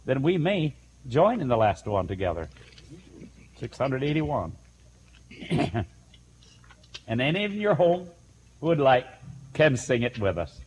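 A man's voice: medium pitch, very animated, a little slow, pauses often, slight background noise, rough recording. An older man preaching, telling folksy stories and chuckling between anecdotes. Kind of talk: storytelling sermon.

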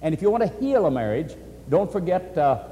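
Animated preacher man in a reverberant hall. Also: fairly high pitch, brisk. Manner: animated, earnest, quotes scripture often. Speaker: preacher answering questions. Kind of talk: sermon-style question and answer.

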